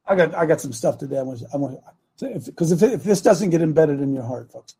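A male talk show host preaches into a studio microphone in a rather high voice. His voice is husky. He speaks emphatically, repeats key lines and draws them out slowly for weight. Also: animated, warm tone.

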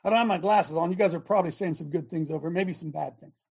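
A middle-aged man hosting a talk show, speaking in an animated, emphatic way with lots of repetition. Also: fairly high pitch, fast, vocal fry, husky. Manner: animated, emphatic, repeats himself, often laughs. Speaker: show host. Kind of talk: casual talk show monologue.

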